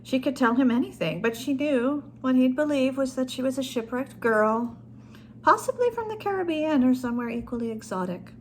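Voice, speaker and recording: A woman's voice: high voice, expressive, normal speed, a little hiss or hum. Woman reading her own short story. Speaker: author.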